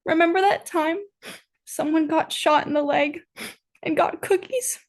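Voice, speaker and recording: A woman's voice: very high-pitched, steady tone, a little slow, no room sound, clean studio sound, pitched above the performer's own voice. A woman voicing a smug older man who teases a friend about cookies, in a fan-fiction reading. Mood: teasing.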